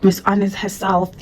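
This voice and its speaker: A woman's voice: medium pitch, husky, rough recording. A young woman, a primary school teacher, chatting casually to camera and laughing often, repeating her words as she talks. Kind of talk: casual vlog chat.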